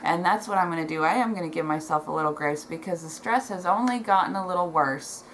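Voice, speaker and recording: A middle-aged woman vlogs from home, facing the camera while reading notes below it, and talks in a heartfelt, emotional way full of ums and restarts. Her voice is lowish and a bit bright, and she talks fast. The recording is rough, with slight background noise.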